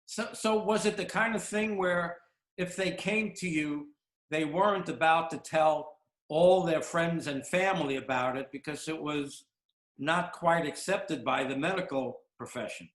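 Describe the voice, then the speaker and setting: High-voiced male host in an echoey room. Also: measured pace, fairly bright tone. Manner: hesitant, repeats words when asking. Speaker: show host. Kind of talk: interview questions. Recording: roomy echo.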